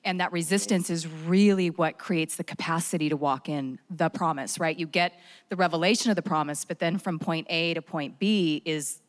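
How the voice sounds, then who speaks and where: Middle-aged woman, lowish voice, earnest and thoughtful, echoey room. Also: steady tone, normal speed. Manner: earnest and reflective. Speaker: panel guest, producer. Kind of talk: reflective panel talk.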